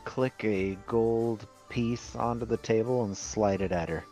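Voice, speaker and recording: A man's voice: fairly low pitch, measured pace, dark tone. A man plays a tabletop game, narrating his character's moves in a dry, matter-of-fact tone. A faint thread of music runs behind his voice. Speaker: player.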